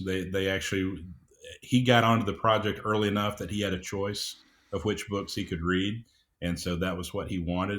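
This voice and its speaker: A middle-aged man with a low, deep voice speaks as a podcast guest. He talks at an unhurried, measured pace and fills his pauses with "uh"s and small restarts. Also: fairly bright tone. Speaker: audiobook producer, guest. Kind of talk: casual interview chat.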